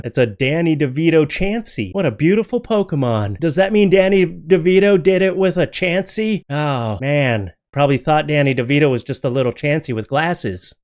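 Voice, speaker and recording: A man's voice: medium pitch, brisk, few pauses. Man, streamer commentary; loose, joking, chatty, aside to his dog. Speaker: streamer reacting to tattoo photos. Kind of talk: casual comedic commentary. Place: home office.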